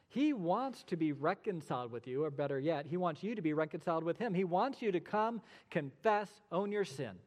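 A male pastor delivers a sermon in a church sanctuary, his somewhat high, darkish voice ringing into a long hall reverb. Expressive and brisk with few pauses, he pushes his points through rhetorical questions and dry, sarcastic asides.

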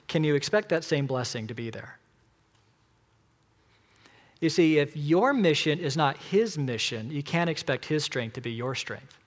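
A fairly high-voiced man preaching with emphasis, counting off his points and putting questions to the congregation. His voice rings out with a long reverb from a large hall. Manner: emphatic, rhetorical questions to the audience. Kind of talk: sermon.

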